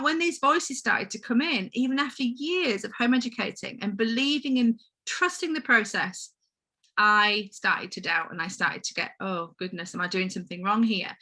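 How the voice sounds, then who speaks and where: A woman speaks at a conference about home educating her child. Her voice sits a little high and has a crisp, bright edge. She addresses the audience directly, in an earnest and heartfelt way. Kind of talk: personal conference talk.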